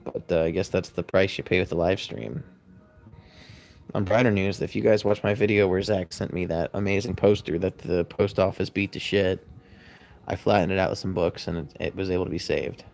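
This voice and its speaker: Man, casual livestream chat, fairly low voice, chatty and rambling, sleepy, home loft, phone mic. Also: steady tone, moderate pace, vocal fry, darkish tone. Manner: rambling, chatty, answers viewer comments. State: sleepy, yawning. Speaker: livestream host. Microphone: phone camera.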